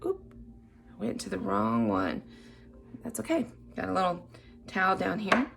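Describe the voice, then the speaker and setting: A woman filming her first makeup tutorial, chatting casually and unsure of herself, dropping into soft murmurs while she concentrates on the brush work. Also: fairly low pitch, huge pitch swings, normal speed, gravelly, slight background noise. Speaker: beginner makeup vlogger.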